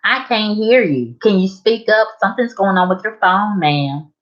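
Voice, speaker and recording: A woman imitating a female emergency dispatcher, with a raised, high, repetitive voice. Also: expressive, moderate pace, fairly bright tone, lightly acted. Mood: flustered. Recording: dull lo-fi sound.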